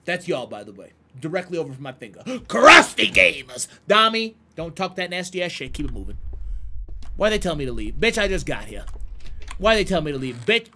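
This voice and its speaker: Excitable profane streamer, bright high man's voice, swings from low mutters to shouts. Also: fairly quick. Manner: slangy banter with chat. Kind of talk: live horror gameplay commentary.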